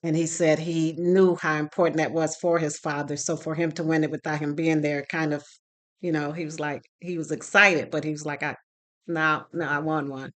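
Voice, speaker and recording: A woman with a slightly low voice tells a story straight to her phone camera. She talks casually and with feeling, slipping into the voices of the people she quotes, like a parenting teacher sharing an experience. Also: level tone, normal speed. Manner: retells dialogue with quoted voices, emotional. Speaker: parenting class instructor. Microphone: phone recording herself.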